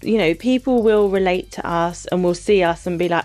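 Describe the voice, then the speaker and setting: A woman's voice: fairly low pitch, normal speed, a little mellow, faint music behind. A woman co-hosting a podcast in casual chat, bubbly and laughing often, cutting in on her partner. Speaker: podcast co-host.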